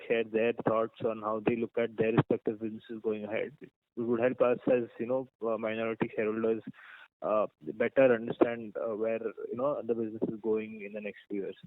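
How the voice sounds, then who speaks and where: A man's voice: mid-range voice, no echo. A man asking an investor's questions politely on a conference call. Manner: polite, measured, many fillers. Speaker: investor caller. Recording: dry phone line audio.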